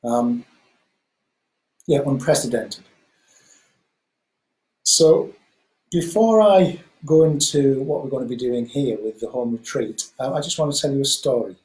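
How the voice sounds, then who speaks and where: A man leads a mindfulness meditation talk in a slow, gentle way. He pauses often and fills gaps with ums. His mid-range voice carries a roomy echo. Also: medium pitch. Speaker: mindfulness teacher.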